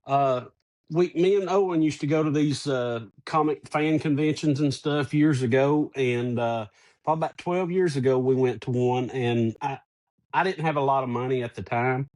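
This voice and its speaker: A man's voice: medium pitch, moderate pace. Middle-aged man telling a story. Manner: animated storyteller. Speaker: podcast co-host. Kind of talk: casual anecdote telling.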